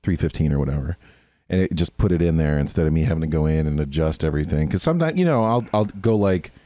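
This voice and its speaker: A man with a very deep, dark and mellow voice banters on a podcast. He jokes crudely and swears freely. The sound is close and dry. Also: dry recording. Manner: crude, profane and joking. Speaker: podcast co-host. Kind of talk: casual banter.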